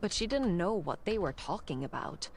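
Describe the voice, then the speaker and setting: A woman narrating an audiobook with expressive, scripted storytelling. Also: fairly low pitch, normal speed, slight background noise.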